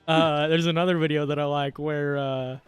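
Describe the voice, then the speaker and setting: Casual young guy rambling on a gaming podcast, kinda high voice, jokey. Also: little pitch movement, moderate pace, clean tone, no room sound. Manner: rambling, jokey, laughs often. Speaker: podcast co-host.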